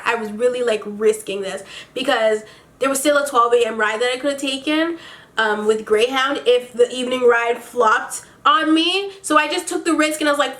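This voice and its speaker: A woman telling a storytime vlog in a casual, animated way, with lots of swearing and quick asides. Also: a little high. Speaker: vlogger.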